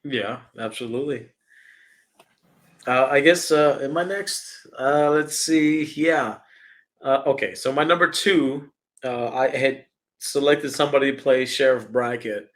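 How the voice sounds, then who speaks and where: A man co-hosting a podcast, chatting casually and laid-back, chiming in with quick agreement. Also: medium pitch, fairly bright tone. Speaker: podcast co-host. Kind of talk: casual chat.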